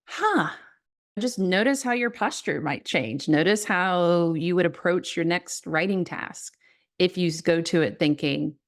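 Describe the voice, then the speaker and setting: A woman with a Southern American accent, a writing coach talking earnestly on a podcast, musing and laughing softly as she speaks. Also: lowish voice, lively intonation, moderate pace. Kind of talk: reflective podcast conversation.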